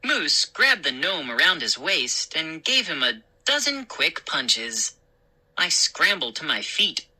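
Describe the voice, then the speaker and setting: Slow, expressive woman storyteller. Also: low-pitched, poor audio. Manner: expressive, unhurried. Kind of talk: reading a children's story aloud.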